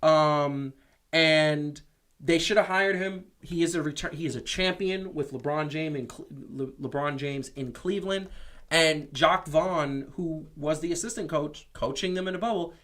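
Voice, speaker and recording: A man co-hosting a casual sports talk show, animated and opinionated, often restarting his sentences. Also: on the high side, measured pace. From New York. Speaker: podcast co-host. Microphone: streamed show mic.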